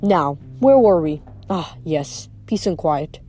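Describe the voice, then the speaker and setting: A woman voicing a sly, relaxed male god who talks in a casual, wry way, reading a storybook aloud. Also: low voice, slow pace, full character voice.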